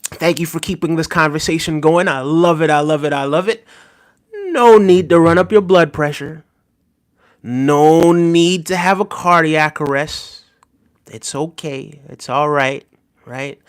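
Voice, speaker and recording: A man's voice: on the high side, measured pace. A man casually chatting on a live stream about politics, mocking and talking straight to his viewers' messages. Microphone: desk microphone.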